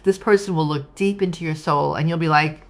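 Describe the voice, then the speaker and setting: A woman giving a casual spoken tarot reading, animated and acting out quoted voices. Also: quick pace. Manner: animated, acts out quoted voices with sudden pitch jumps. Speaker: tarot reader.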